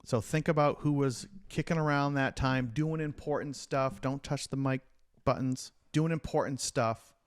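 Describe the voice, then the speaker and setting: A man's voice: medium pitch, fairly even intonation, normal speed, no echo. A middle-aged man hosting a casual podcast chat, teasing and quizzing his daughter on history. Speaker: podcast host.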